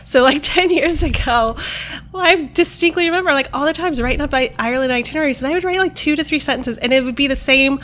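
Bright, high-voiced chatty woman. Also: fast, slight background noise. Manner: chatty, laughs often, trails off and restarts. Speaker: podcast co-host. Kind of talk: casual chat.

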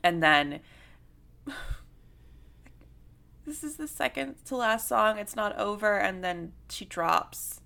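A young woman co-hosting a casual film discussion, animated and swearing, full of "like" fillers. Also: mid-range voice, slow pace, creaky, long pauses. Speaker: podcast co-host.

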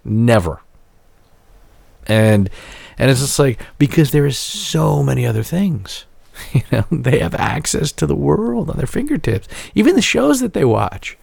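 A man in his forties rambling and swearing through casual podcast chat, his stories loose and animated. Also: medium pitch, unhurried, vocal fry, husky, dry recording. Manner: rambling, profane, animated storytelling. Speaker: podcast co-host.

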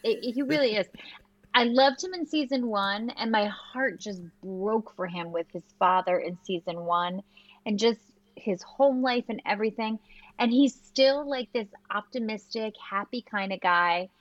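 A woman co-hosting a podcast, chatting casually and retelling scenes with quick quoted lines. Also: medium pitch, no room sound, dull audio. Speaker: podcast co-host. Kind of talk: casual recap chat.

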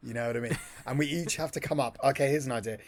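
A man co-hosting a casual podcast chat, eagerly pitching ideas. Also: racing. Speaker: podcast co-host.

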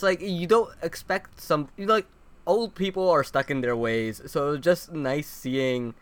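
A man co-hosting a podcast, telling personal stories in a relaxed, hesitant way. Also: mid-range voice. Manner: relaxed storyteller, hesitant with fillers. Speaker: podcast co-host. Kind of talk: casual chat.

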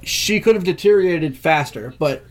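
High-pitched guy, casual profane movie rant, animated. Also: normal speed.

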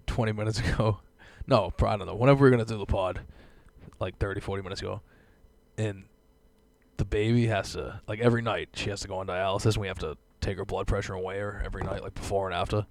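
A man's voice: fairly low pitch, steady tone, brisk, no room sound. A young man hosting a casual podcast from home, a stand-up comic who laughs often and jokes crudely.

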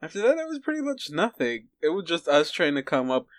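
A man chatting casually and laughing along. He teases his friend now and then. His voice sits a little high, and it is recorded close and dry. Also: huge pitch swings, fairly quick, no echo. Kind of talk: casual chat.

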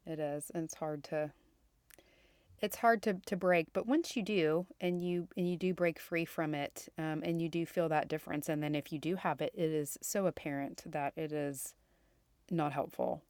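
A woman's voice: deep voice, fairly even intonation, moderate pace, clear, resonant tone, no echo, clean studio sound. A woman hosting a podcast, chatting casually with her guest, reacting with short comments and laughter. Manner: encouraging listener, warm laughs and short reactions. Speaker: podcast host. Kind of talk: casual interview chat.

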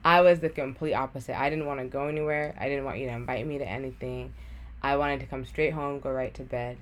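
With an extremely low, fairly even voice and a quick pace, a young adult woman tells a personal story as a podcast guest. She's chatty, says "like" a lot, and dramatizes her past thoughts. There's a little hiss or hum in the audio.

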